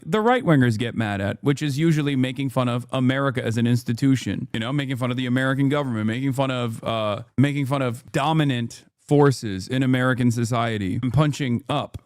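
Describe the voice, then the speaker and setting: A man rants scornfully and rambles through casual political commentary. The clip sounds dry and close, with a mid-pitched voice. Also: brisk, dry recording. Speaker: political streamer. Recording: dry clip played from a stream.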